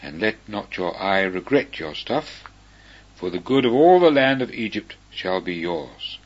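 A commanding, generous king, read aloud by a man in a measured tone. The voice is lowish and husky. The sound is dull and lo-fi. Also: sing-song, heavily acted. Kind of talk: slow measured scripture reading. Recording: dull lo-fi recording.

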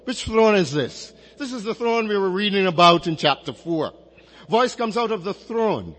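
A man preaching an expository sermon, measured and emphatic, drawing out key phrases as he reads and explains scripture. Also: high voice, big pitch swings, a bit bright. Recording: long reverberant hall.

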